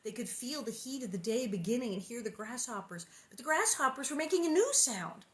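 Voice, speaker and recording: A woman's voice: a little high, very animated, fairly quick. A woman reading a children's book aloud, breaking off for squeamish, jokey asides. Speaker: reader.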